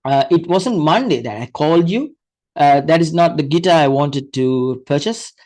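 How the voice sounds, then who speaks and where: Halting male English teacher. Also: a little high, lively intonation, a little mellow, low-quality recording. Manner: halting, with frequent fillers and restarts; explains step by step, repeating examples. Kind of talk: grammar lesson explanation.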